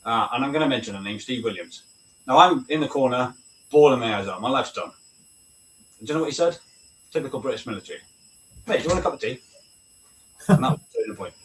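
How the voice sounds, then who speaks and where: Fast-talking and expressive, a man with a medium-pitched, fairly bright voice, a British army veteran, chats as a guest over a casual video call. Blunt and candid, he swears freely and often asks "right?" The mic is distant, with faint noise behind him.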